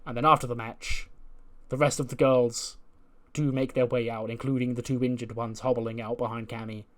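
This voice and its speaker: A man at a middling pitch tells wrestling game storylines in a casual, chatty way. He leans on fillers as he goes. When the action heats up, he narrates it as lively play-by-play. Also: normal speed. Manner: animated play-by-play of match events. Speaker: YouTuber recapping a wrestling management game.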